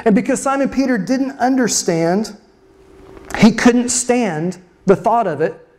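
Brief: a preacher in mid-sermon, expressive, leaning on slow dramatic stresses and rhetorical questions, at a mid-range pitch.

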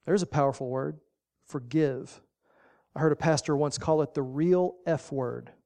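Folksy preacher with a mellow voice. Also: mid-range voice, normal speed. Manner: emphatic, repeats short commands, folksy asides. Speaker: pastor. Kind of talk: sermon.

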